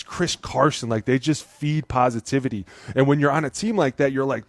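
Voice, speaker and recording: A man talking in a casual podcast, animated and quick to act out other people's voices. His pitch sits in the middle for a man. The sound is close and dry, with no room echo. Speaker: former NFL lineman guest.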